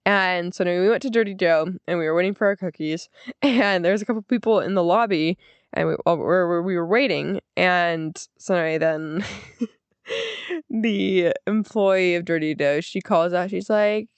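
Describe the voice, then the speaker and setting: A young woman with an American accent hosting a podcast, casually telling a story, laughing often and doing the other people's lines in a higher voice. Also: animated, normal speed, clear, resonant tone, no echo. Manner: giggly, acts out quotes in a higher voice. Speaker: podcast host.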